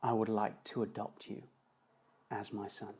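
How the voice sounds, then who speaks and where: A man voicing a grieving, forgiving middle-aged mother in a story he is telling, speaking softly and tenderly. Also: on the low side, level tone, a little slow, slight background noise, pitched below the performer's own voice.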